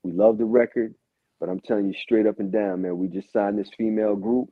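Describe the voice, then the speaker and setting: A guest musician on a podcast interview tells stories in a laid-back way, swearing and acting out what people said. His lowish voice is brisk with fairly even intonation, and the recording is dull lo-fi with no echo.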